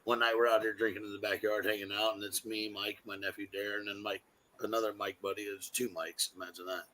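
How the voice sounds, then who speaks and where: A man's voice: on the low side, level tone, quick pace, pushed and bright, slight background noise, low-quality recording. A man, a podcast guest, telling a rambling, profane anecdote in casual talk. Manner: swearing, rambling anecdote with acted-out quotes. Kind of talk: casual storytelling.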